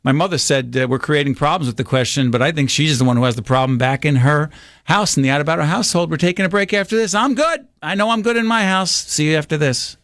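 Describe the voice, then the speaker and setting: A man hosting a call-in radio talk show, chatty and quick to laugh. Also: a little high, fairly bright tone. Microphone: studio microphone.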